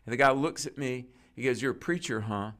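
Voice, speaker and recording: A man's voice: mid-range voice, fairly quick. A man, a preacher, telling a story in conversation and acting out the lines of the people in it. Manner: animated storyteller acting out quoted dialogue. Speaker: guest preacher.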